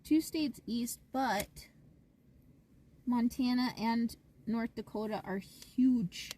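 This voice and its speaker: A woman's voice: fairly high pitch, slow, dark tone, distant mic, a little hiss or hum. A woman live streaming from inside a parked car, chatting casually and rambling with lots of "like". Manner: chatty and rambling, heavy use of "like".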